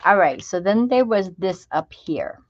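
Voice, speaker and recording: A woman's voice: mid-range voice, expressive, measured pace, muffled recording. A woman, chatting casually to her viewers while she crafts and talking to herself as she works. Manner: chatty, talks to herself while working, drops into whispers. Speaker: craft video host. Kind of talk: casual crafting vlog chat.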